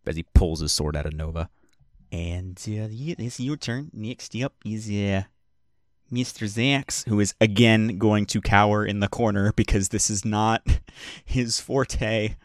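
A man with a low-pitched voice narrates a tabletop game as its game master. He talks in a relaxed, hesitant way, full of fillers. The sound is dry and close. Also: measured pace, dry recording.

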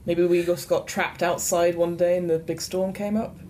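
A woman's voice: on the low side, fairly even intonation, normal speed, mellow, slight background noise. A woman walking her friends through setting up a tabletop role-playing game in casual chat, explaining with many restarts. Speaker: game organiser.

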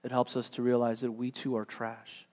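Pastor preaching in a reverberant hall. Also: male voice, medium pitch, monotone, normal speed, a little mellow. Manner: dramatic, earnest storytelling. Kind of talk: storytelling sermon.

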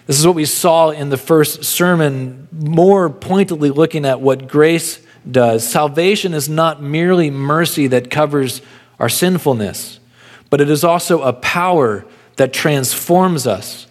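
A man preaching an earnest sermon as pastor, slowing down on key phrases. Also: a little high. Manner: earnest preaching, varied pace with slow emphatic phrases. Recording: long church reverb.

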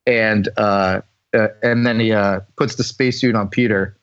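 A man co-hosting a casual podcast chat, recapping a movie in an animated, swearing, filler-heavy way. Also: fairly low pitch, moderate pace, dry recording, highs cut off. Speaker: podcast co-host.

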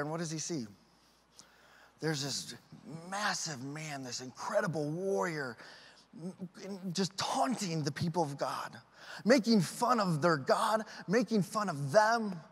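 A man preaching a sermon as a pastor, telling stories with animated acted-out voices. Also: fairly high pitch, a little slow, husky, in a large hall. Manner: animated storytelling with acted quotes.

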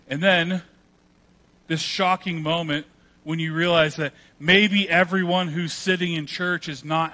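A man delivers a sermon from the pulpit with a bright, forceful voice that sits a little high. His delivery is animated, and he now and then acts out voices from the story he is telling. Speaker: pastor.

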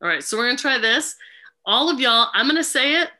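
A woman facilitating a group ritual over a video call, speaking gently and unhurriedly with many fillers. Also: high voice, expressive, fairly quick.

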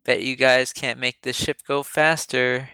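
A man's voice: medium pitch, flat delivery, unhurried, bright, forceful tone, clear, resonant tone, no echo. A man voicing a small, sarcastic male adventurer who teases his companions. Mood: teasing. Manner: teasing, sarcastic.

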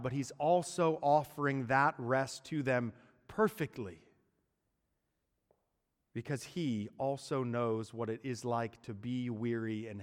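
Man preaching a sermon with dramatic pauses. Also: medium pitch. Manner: dramatic pauses and hushed endings. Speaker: pastor. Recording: long hall reverb.

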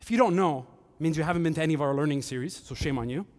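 A man preaching a sermon as pastor, animated, with joking asides and acted-out quotes. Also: a little high, very fast, long reverb tail.

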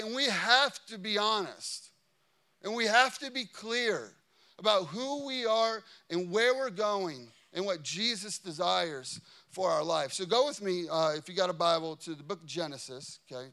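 A man in his thirties preaches to his congregation with an animated storytelling style, full of jokey asides. His voice sits high for a man and comes across bright and forceful. It stays smooth and clear throughout. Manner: animated storytelling, jokey asides, frequent "you know what I mean". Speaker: pastor. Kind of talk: sermon. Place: large church before a congregation.

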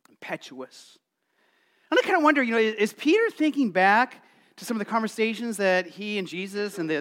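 A male pastor preaching a sermon, telling the story in a lively way and acting out excited voices. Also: high voice. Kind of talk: Easter sermon.

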